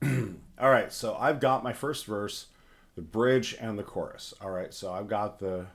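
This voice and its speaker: Hoarse, unhurried man talking through his work. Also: lowish voice. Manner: thinks aloud while working, narrating each step with restarts. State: hoarse from phlegm. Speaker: livestream host. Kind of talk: casual livestream music tutorial.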